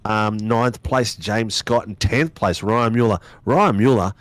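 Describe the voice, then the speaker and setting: A man's voice: lowish voice, fairly even intonation, measured pace, a bit bright, clear, resonant tone, no echo. A man commentating a sim racing broadcast, chatty and laughing, full of slangy banter. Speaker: race commentator.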